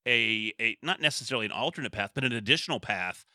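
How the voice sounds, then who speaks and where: Guy asking interview questions, measured, super bright sharp voice. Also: medium pitch, animated, no room sound, clean studio sound.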